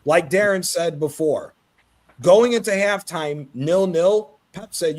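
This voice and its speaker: Animated, high-voiced football show host. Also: male voice, takes it slowly. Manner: animated, swearing, quotes others in acted voices. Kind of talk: casual football chat.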